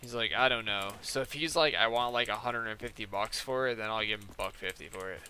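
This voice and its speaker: A young man rambles on a gaming live stream, telling a story in loose bursts full of "like" and quoted back-and-forth. His voice is very bright and forceful. Faint noise and keyboard clicks sit under him. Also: lowish voice, fast. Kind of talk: casual live-stream chat while playing.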